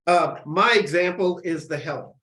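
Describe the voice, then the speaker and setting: A man's voice: a little high, a little slow, bright, forceful tone, echoey room. A man leading a church class discussion, prompting others with short questions. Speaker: class leader.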